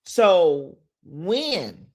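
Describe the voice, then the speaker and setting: Animated woman coaching her live viewers. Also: fairly low pitch, very slow. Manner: animated, talks straight to viewers, reads out comments; emphatic, swings between loud bursts and quiet asides. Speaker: business and mindset coach. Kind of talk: casual motivational live stream.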